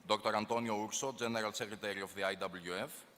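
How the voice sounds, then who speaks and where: A man opening a congress as moderator, formal and halting with small restarts. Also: on the low side, fairly even intonation, a bit bright, slight background noise. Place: large conference hall. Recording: echoey conference hall, faint ambience.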